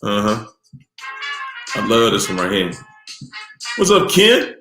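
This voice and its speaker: Greeting chat viewers by name, the weary middle-aged host keeps his live stream casual and relaxed. He speaks slowly in a fairly low voice with big pitch swings, and the recording has a roomy echo and faint music.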